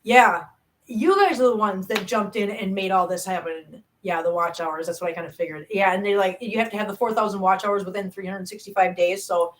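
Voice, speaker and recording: A woman in her 40s hosts a casual livestream, reading viewer comments in a mid-range voice over poor audio. She's animated and prone to rambling, often self-deprecating, with speech that comes in quick bursts.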